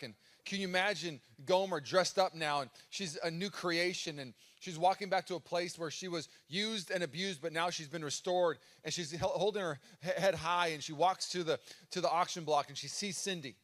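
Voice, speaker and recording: A man's voice: high voice, normal speed, fairly bright tone. A man preaching a sermon as pastor at a live church service, telling a story in a casual way with fillers.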